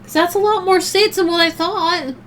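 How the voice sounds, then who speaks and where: A woman's voice: very high-pitched, fairly even intonation, moderate pace, a bit bright, slight background noise. A woman streamer chatting casually while she plays a game, rambling and swearing offhandedly. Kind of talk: casual chat while gaming.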